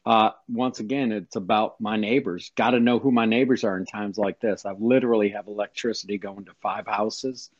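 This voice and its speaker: A man's voice: lowish voice, fairly even intonation, moderate pace, few pauses, dry recording, muffled recording. A man calling into a talk show, earnest and matter-of-fact. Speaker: caller. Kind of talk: casual call-in chat.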